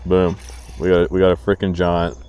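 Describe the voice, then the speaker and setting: A man vlogging while fishing from a boat on a river, talking excitedly to himself and the fish. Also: low voice, normal speed, clear, resonant tone, muffled recording. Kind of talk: casual narration while fishing.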